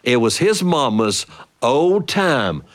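A middle-aged man telling a family story to children, playful and animated. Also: mid-range voice, slow.

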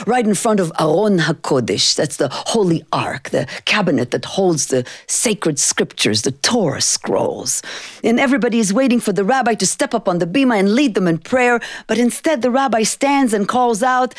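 A woman's voice: mid-range voice, dry recording, clean studio sound. A woman from Israel, telling a personal and traditional story in an intimate, emotional, rhythmic way. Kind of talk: spoken storytelling performance.

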